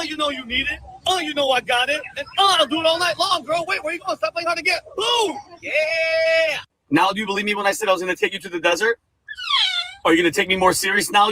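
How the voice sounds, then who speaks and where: A man's voice: high-pitched, noisy background, lightly acted. A man voicing a rowdy, foul-mouthed male wild animal in a comedy clip, talking brash slang.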